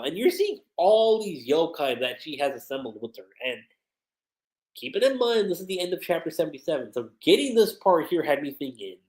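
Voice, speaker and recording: A man's voice: on the high side, very animated, fairly quick, darkish tone, low-quality recording. A man giving a casual livestream review of an anime episode, retelling scenes and quoting the characters.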